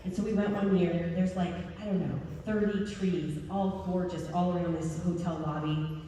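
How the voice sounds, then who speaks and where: A woman's voice: on the low side, steady tone, normal speed, mellow, far from the mic, a little hiss or hum. Chatty woman speaking in an echoey hall. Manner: chatty, self-deprecating, laughs often. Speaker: convention speaker. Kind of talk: humorous talk to homeschool parents. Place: large convention hall.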